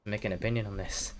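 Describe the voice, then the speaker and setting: A man's voice: fairly low pitch, rough recording. A nineteen-year-old man chatting casually while playing a game, rambling and making jokes at his own expense, now and then slipping into a mock British slang voice. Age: teens. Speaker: gaming commentator.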